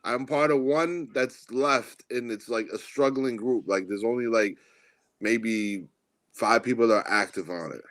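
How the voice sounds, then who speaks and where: A man's voice: mid-range voice, unhurried, fairly bright tone, no echo. A man co-hosting a podcast who talks in a blunt, opinionated way, often ranting in casual sports chat. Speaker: podcast co-host.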